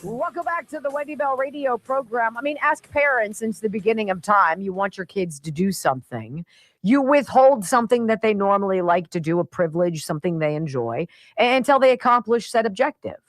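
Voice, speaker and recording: A middle-aged woman hosts a talk radio show, her voice swinging freely up and down as she jokes, scoffs and mocks. The sound is close and dry, with no room around it. She is sarcastic and quick to laugh. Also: mid-range voice, dry recording. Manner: animated, sarcastic, laughs often.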